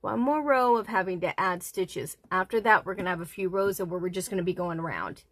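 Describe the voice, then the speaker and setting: A woman hosting a casual crochet livestream, counting stitches softly under her breath and chatting with viewers. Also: lowish voice, expressive, fairly quick, no echo. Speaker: livestream host.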